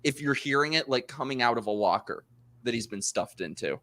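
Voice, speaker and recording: A man's voice: mid-range voice, animated, fairly quick, a bit bright. A man hosting a podcast, teasing and playful in loose, crude banter. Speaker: podcast host. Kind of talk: casual chat.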